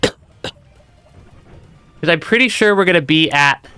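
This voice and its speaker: A man's voice: a little high, animated, unhurried, pushed and bright, clean tone, no echo, soft background music. A man streaming a game with a stuffy nose, chatting casually, laughing often and restarting his sentences. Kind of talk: casual gameplay commentary.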